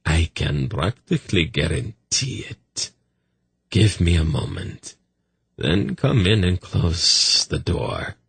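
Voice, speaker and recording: A man doing a soft, politely menacing assassin. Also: sits low, very animated, takes it slowly, gravelly, breathy edge, dry recording, full character voice. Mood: quiet menace. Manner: quiet, politely threatening. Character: soft-spoken menacing male eunuch assassin.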